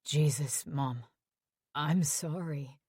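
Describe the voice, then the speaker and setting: A woman's voice: low voice, very slow, a little mellow, breathy edge, no echo, clean studio sound, voice pushed down, full character voice. Woman voicing a hurt young firefighter. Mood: subdued. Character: young adult male firefighter, injured in hospital, wry.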